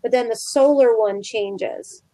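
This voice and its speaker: A woman's voice: a little high, slow pace, warm tone, no room sound. Chatty woman, dry close sound. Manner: chatty, lots of "like". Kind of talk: casual video chat.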